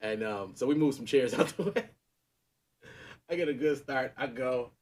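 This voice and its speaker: A man's voice: medium pitch, expressive, moderate pace. Laughing man telling a story. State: sore knee. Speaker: podcast co-host. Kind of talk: casual storytelling chat.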